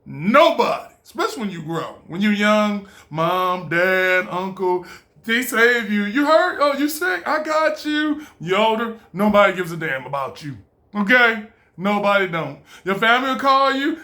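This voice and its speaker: A man giving an animated, preachy motivational monologue, laughing often and swearing freely. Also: high-pitched, moderate pace. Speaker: vlogger.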